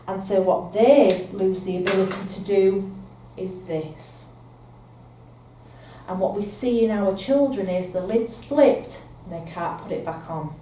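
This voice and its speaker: In a dark-toned, mid-range voice at a measured pace, a Northern English woman leads a training session for foster carers, explaining patiently and checking in with "okay?". The echoey room, distant mic, faint ambience and slight hiss or hum come through.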